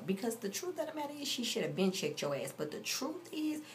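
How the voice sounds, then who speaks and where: A woman's voice: on the high side, very animated, normal speed, slight background noise. A woman in her forties telling a story in a casual, blunt and profane rant. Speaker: vlogger.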